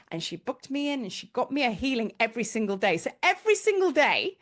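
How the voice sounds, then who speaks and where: A middle-aged woman with a fairly high voice tells a personal story straight to camera. She is a spiritual teacher. She talks in a chatty, emotional way and acts out her own lines. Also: fast. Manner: chatty, emotional, animated quoting of herself. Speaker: spiritual teacher and tour leader.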